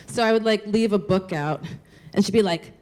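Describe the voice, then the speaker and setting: Woman storyteller, live stage show, candid, casual, swears, filler-heavy, mid pitch. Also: moderate pace, darkish tone. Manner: candid, profane, lots of "like".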